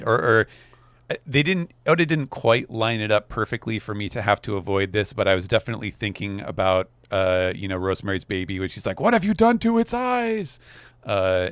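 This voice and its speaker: A man on a comic podcast, chatting casually and pointing things out with halting restarts. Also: on the low side, no room sound. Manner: hesitant, many restarts, then lively. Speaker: podcast guest. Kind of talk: casual chat.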